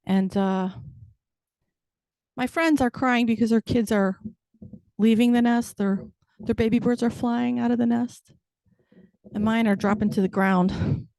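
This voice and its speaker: A woman's voice: fairly high pitch, steady tone, a little slow, long pauses, a little mellow, dry recording. A woman in her fifties performing a stand-up comedy set with wry, self-deprecating punchlines. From United States. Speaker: stand-up comic.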